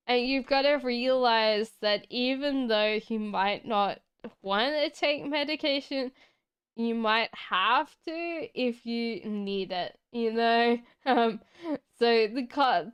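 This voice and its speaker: A woman's voice: a little high, clear, resonant tone, muffled recording. A woman doing a casual tarot reading on a live stream, chatty and reassuring, answering viewers from the chat and laughing often. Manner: talks straight to viewers in chat. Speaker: tarot reader.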